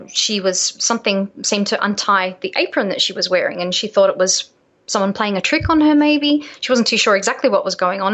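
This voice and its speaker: Mujer que narra con pausas y titubeos. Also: female voice, medium pitch, fairly bright tone, lo-fi sound. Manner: hesitant, many uh fillers. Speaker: author and guest. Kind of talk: interview storytelling.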